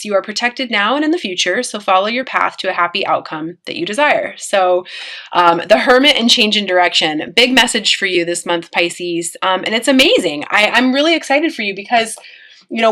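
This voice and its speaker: A woman's voice: lowish voice, a bit bright. A woman giving a casual, encouraging tarot reading, earnest and full of fillers and restarts. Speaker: tarot reader.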